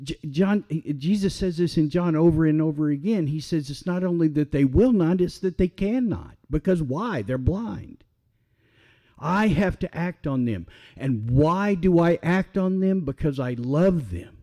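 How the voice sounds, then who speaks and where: A man preaching a sermon in an unhurried, deliberate way. His voice sits a little higher than most men's. He keeps asking his listeners questions and then answers them himself, with real emphasis. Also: animated, mellow.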